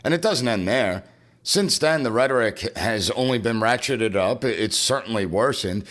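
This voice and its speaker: A man's voice: medium pitch, expressive, moderate pace, a bit bright. A man hosting a political commentary podcast in an emphatic, punchy way, repeating phrases for effect. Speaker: podcast host and professor.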